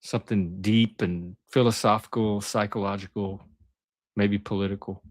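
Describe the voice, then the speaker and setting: A male host chatting on a live stream, teasing and halting with frequent restarts. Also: fairly low pitch, steady tone, dry recording, clean studio sound. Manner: teasing, hesitant, many restarts. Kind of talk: casual live-stream chat.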